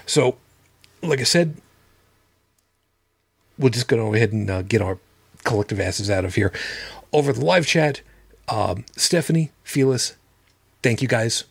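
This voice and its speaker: A man's voice: mid-range voice, animated, measured pace, vocal fry, pauses often, slightly rough, dry recording. A man hosting a livestreamed podcast who talks casually, bluntly and with plenty of swearing. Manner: blunt, profane, emphatic. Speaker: podcast host.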